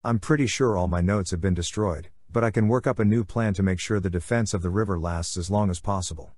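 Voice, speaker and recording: An earnest young female scholar argues with hope and urgency, as a man reads her lines. The voice stays low and plain. It is recorded dry and close. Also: fast, a little mellow, no room sound.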